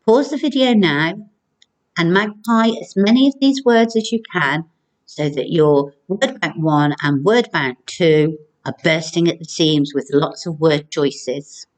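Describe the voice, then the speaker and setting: A woman primary school teacher giving a recorded video lesson, speaking clearly and encouragingly to children. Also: low-pitched. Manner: slow, clear, encouraging classroom delivery.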